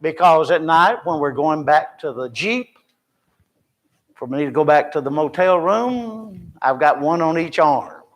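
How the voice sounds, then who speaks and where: A man's voice: on the high side, animated, measured pace, dull audio. An older man, a missionary, giving an informal and rambling report to a church Bible class with folksy, self-deprecating humor.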